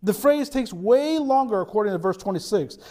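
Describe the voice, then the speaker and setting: A pastor giving an animated sermon to his congregation, with frequent restarts and quick asides. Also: high voice.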